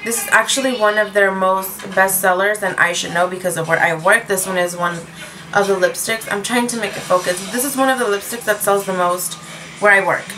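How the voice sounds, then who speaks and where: Over background music and a low-quality recording, a woman with a mid-range voice talks fairly quickly about lipsticks from her home bedroom. The beauty vlogger is rambling, chatty and self-deprecating, slipping Spanish words into her talk.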